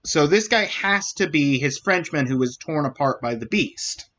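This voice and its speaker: A man's voice: fairly high pitch, animated, moderate pace, a bit bright, muffled recording. A man streaming a mystery game, thinking aloud and humming to himself as he works through it. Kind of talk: let's-play commentary.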